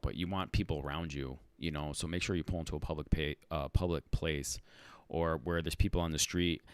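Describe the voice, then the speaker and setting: A man hosting a casual livestream Q&A for rideshare drivers, animated and talking in fits and restarts. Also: low voice, smooth, no echo. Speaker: rideshare channel host answering live chat.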